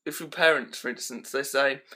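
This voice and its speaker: A man's voice: medium pitch, fairly quick, sharp tone. A young man casually ranting through a list of pet peeves for his vlog, rambling with lots of "um" and "like", recorded on a handheld camera at home. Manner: rambling, full of fillers like "um" and "like". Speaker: vlogger.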